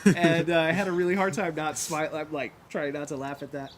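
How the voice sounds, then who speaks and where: A man casually recounting a live-action role-play adventure, animated and quick to jump into voices. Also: fairly high pitch, slight background noise. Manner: animated, jumps into voices while retelling. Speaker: larp player recounting a game. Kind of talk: casual storytelling chat.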